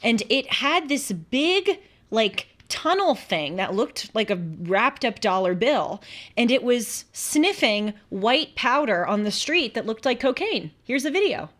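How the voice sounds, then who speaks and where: A young adult woman hosting a talk show, chatting casually and giving her opinions with quick asides. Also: a little high, big pitch swings, a bit bright. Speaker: show host.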